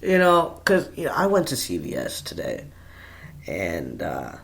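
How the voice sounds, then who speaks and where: A man's voice: low-pitched, wildly swooping pitch, a little slow, vocal fry, a bit bright. A man hosting a casual solo podcast from home, stoned and rambling, swearing freely and laughing at himself. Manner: rambling, profane, laughing asides. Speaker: podcast host. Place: at home with his dog.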